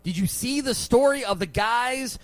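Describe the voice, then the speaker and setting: A man's voice: very high voice, normal speed, no room sound. A man hosting a sports radio show from the studio, chatting loosely and laughing easily. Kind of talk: casual sports radio talk.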